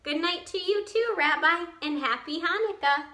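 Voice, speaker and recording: A woman's voice: very high voice, moderate pace, bright, forceful tone, roomy sound, voice pushed up. A woman voicing a kindly, chatty old grandmother with failing eyes, fussing over her guest in a storybook read-aloud. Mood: fond. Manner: cheerful, chatty, fussing hostess.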